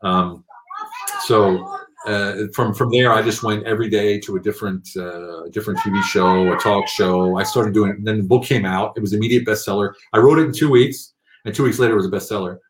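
A middle-aged man with a low voice tells his story in a loose, animated way, slipping into other people's voices. He is recorded at home, and the room gives his voice a noticeable echo. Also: fairly quick, noisy background. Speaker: guest telling his story. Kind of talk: casual storytelling. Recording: echoey room.

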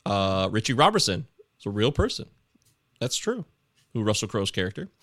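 A man hosting a casual podcast chat, reading film reviews aloud and breaking into excited yelps. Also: lowish voice, moderate pace. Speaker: podcast host.

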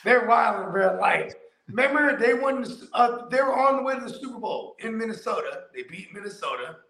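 A man chatting casually as a podcast co-host, telling stories with lively acted-out lines and frequent laughter. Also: high voice, normal speed, creaky, echoey room. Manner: animated storyteller, acts out other people's lines, laughing often. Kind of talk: casual chat.

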